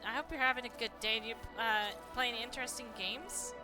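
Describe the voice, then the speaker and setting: Chatty higher-pitched woman streaming. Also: fast talker. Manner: chatty, thanks viewers, stumbles reading aloud. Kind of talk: live game streaming chat. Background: game music.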